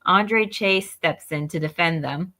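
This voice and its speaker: A woman co-hosting a casual podcast, recapping events in a brisk, matter-of-fact way. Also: fairly low pitch, sharp tone. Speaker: co-host of a wrestling review show.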